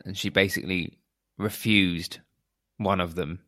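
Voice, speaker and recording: A man's voice: deep voice, unhurried. A man co-hosting a podcast, who works as a teacher, telling a story in casual chat and acting out the other person's lines. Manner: animated, acts out quoted dialogue, laughs often.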